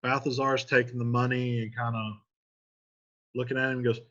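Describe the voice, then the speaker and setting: A man's voice: mid-range voice, flat delivery, moderate pace, long pauses, fairly bright tone, highs cut off. A man teaching a classic play scene by scene, retelling it casually in everyday slang.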